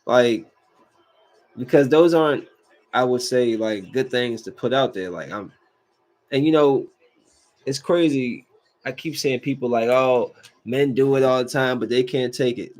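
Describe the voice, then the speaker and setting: A man's voice: medium pitch, unhurried, long pauses. A man hosting his own podcast, ranting casually with many fillers and repeated phrases. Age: adult with kids. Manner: animated, repeats himself, lots of "like" fillers. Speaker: podcast host. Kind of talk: solo casual podcast rant.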